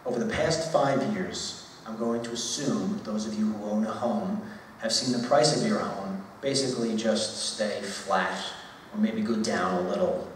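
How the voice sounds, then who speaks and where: A man's voice: lowish voice, a little slow, a little hiss or hum. A man in his forties giving an emphatic, conversational public speech at a university, repeating words for stress. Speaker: speaker at a university talk. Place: university lecture hall. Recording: echoey hall, voice from far off.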